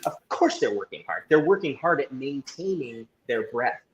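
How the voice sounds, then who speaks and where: A man guest speaks at an average pitch while he walks the listeners through a breathing exercise. His delivery is instructive and coaching. The recording carries a roomy echo. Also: sing-song, normal speed.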